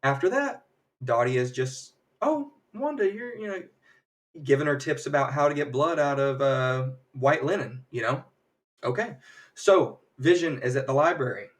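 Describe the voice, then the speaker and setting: A man's voice: mid-range voice, normal speed, far from the mic. A man casually recapping a show on a livestream, rambling with lots of fillers and acted quotes. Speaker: livestream host. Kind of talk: casual episode recap chat. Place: home livestream setup.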